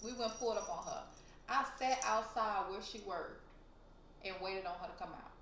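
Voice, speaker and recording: A woman's voice: medium pitch, normal speed, fairly bright tone, a little hiss or hum. A young woman vlogger telling a storytime to her viewers in a blunt, profane, heated way. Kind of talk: casual storytelling to camera. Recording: roomy echo.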